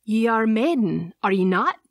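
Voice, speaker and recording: A woman's voice: medium pitch, dry recording, clean studio sound, natural voice. Woman reading a courtly male vampire. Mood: commanding. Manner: archaic formal speech, soft and measured. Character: dark, courtly male vampire stranger, old-fashioned and predatory. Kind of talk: audiobook character voice.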